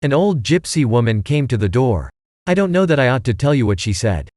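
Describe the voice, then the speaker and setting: A man voicing a bustling, chatty middle-aged aunt who tells things in a brisk, gossipy way, in a storybook reading. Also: mid-range voice, very animated, darkish tone, dry recording, studio quality, close to an everyday voice.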